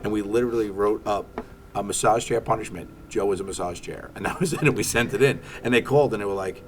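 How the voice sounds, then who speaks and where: Low-voiced New man telling stories. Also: quick pace, a little hiss or hum. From Staten Island. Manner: animated storytelling, acts out quotes. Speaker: comedian guest. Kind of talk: casual interview chat.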